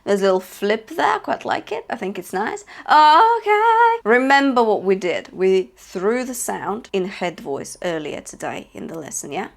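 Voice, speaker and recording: A woman's voice: mid-range voice, sing-song, normal speed, vocal fry, hardly any pauses, a little mellow. A woman vocal coach teaching a singing lesson, encouraging and breaking in with short sung demonstrations. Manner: encouraging, demonstrates sung phrases between explanations.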